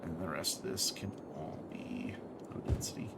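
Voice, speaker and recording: A man's voice: sits low, normal speed, vocal fry, loud music behind the voice. A man thinking aloud as he plays a city-building game on a live stream, correcting himself as he goes, tired and with the hiccups. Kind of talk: casual gameplay commentary.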